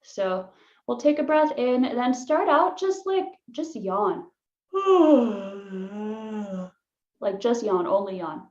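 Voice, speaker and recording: Woman, voice coach, casual and giggly, higher voice; echoey room, muffled online audio. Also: sing-song, moderate pace, a little mellow. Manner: chatty, laughs easily, many "like" fillers. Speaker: voice workshop leader.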